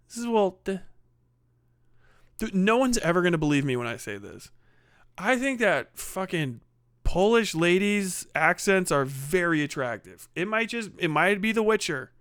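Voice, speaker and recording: A middle-aged man chats to his stream audience in a high, bright, clear voice. His talk is profane and rambling and full of laughs. The mic sounds dry and close. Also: dry recording. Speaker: live streamer. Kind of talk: casual stream chat reading donations.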